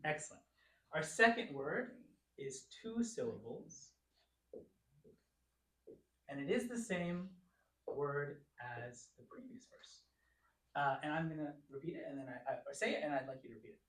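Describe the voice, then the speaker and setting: Picture a man at the front of a church classroom, walking students through unfamiliar words syllable by syllable. His pitch swings widely and he praises each try. The pace is patient and clear. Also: animated, fairly bright tone. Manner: encouraging, sounds out words slowly. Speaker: Bible class teacher. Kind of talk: classroom teaching.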